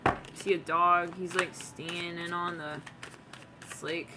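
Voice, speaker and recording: A woman's voice: fairly low pitch, level tone, slow pace, background noise. A woman doing a tarot reading in a slangy, giggly way, acting out what she senses with lots of "it's like". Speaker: tarot reader.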